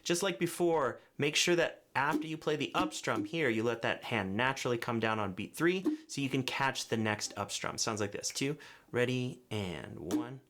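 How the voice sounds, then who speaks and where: A man teaching a ukulele tutorial, giving clear, patient step-by-step instructions and counting beats aloud. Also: mid-range voice, moderate pace, few pauses, a bit bright, a little hiss or hum. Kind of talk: music tutorial, counting and singing along. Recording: ukulele playing behind the voice. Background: ukulele strumming.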